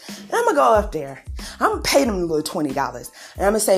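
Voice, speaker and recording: A woman's voice: medium pitch, big pitch swings, a little fast, creaky, faint music behind. A woman, venting angrily in a podcast monologue, swearing and laughing. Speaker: podcast host.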